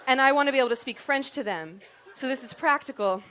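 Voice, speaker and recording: A woman's voice: sits high, fast, a bit bright. A woman performing a comic personal story in a chatty, self-deprecating way, timing her punchlines.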